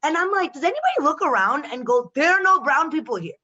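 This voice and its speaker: A woman from Chicago, a guest on a podcast, chatting casually with animated, swearing asides. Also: high-pitched, quick pace, lo-fi sound.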